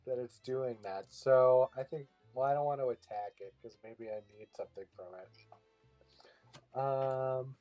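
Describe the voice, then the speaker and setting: A man's voice: medium pitch, measured pace, mellow, rough recording. Casting: man as first-time player, casual joking talk, light music underneath. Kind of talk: casual game play.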